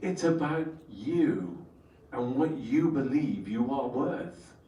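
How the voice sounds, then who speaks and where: A man's voice: mid-range voice, lively intonation, slow, warm tone, highs cut off. A man leading a workshop for entrepreneurs, telling a story and putting questions to his audience. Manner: engaging, asks the audience questions. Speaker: workshop trainer. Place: workshop room. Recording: echoey room, voice from far off.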